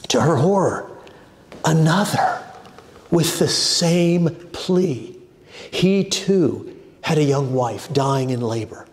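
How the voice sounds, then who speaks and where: Slow, dramatic male storyteller. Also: fairly high pitch, animated, long reverb tail. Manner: measured, dramatic pauses. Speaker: adult education teacher. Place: church classroom.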